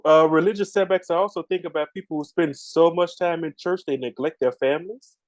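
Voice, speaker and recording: Male podcast co-host, fairly high voice, animated preachy riffing, dry close mic. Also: fairly quick, no echo, poor audio. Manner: animated, preachy riffing with Southern Black vernacular. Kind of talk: casual chat.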